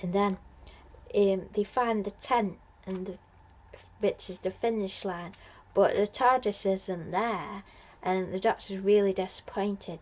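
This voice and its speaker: Slow, gushing woman on lo-fi mic. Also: mid-range voice, steady tone. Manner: gushing, rambling with many fillers and restarts. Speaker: fan reviewer. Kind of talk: casual episode recap.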